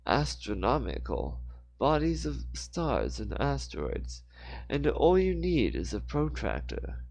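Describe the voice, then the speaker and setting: A man voicing a pedantic male mayor who lectures slowly and at length, in a raised voice. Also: medium pitch, big pitch swings, a little mellow, voice pushed up, exaggerated voice, rough recording. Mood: lecturing.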